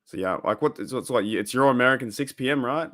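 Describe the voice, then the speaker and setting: Young aussie bloke on a livestream, mid pitch, rambly casual chat, reads out the chat. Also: male voice, fast, a bit bright. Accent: Australian. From Australia. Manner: rambling, reads chat aloud, loose and chatty. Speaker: livestream host.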